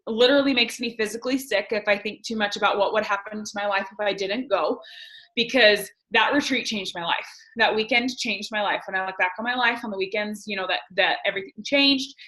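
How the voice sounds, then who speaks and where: A woman's voice: fairly high pitch, pushed and bright, low-quality recording. A woman in her thirties telling a personal story and coaching her team, candid and emphatic, with frequent fillers. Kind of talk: personal story and motivational talk.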